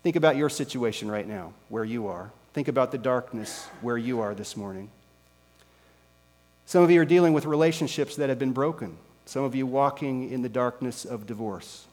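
A male pastor preaching a sermon with slow, emphatic rhetorical questions. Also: mid-range voice, darkish tone. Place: church sanctuary. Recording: long reverb with mains hum.

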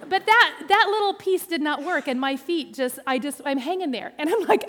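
A woman telling an animated, playful story to an audience, with quick jumps into the voices of people in it. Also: sits high. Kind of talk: lively storytelling talk. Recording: long hall reverb.

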